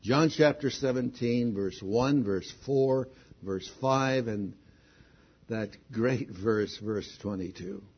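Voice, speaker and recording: Slow, husky male preacher on lo-fi tape. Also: medium pitch. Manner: slow, deliberate preaching that swells with excitement on key points. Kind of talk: sermon. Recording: dull lo-fi recording.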